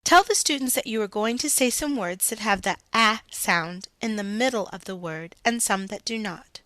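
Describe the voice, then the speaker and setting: A woman reading out a scripted phonics lesson as a reading teacher, slow and deliberate, stressing each sound for the learner. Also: mid-range voice, lively intonation, fairly bright tone, no room sound.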